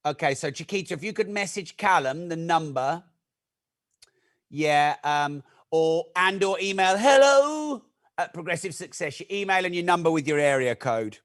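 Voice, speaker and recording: Man, high voice for a man, masterclass host, energetic, chatty, jokey asides. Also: moderate pace. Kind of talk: live-streamed teaching talk.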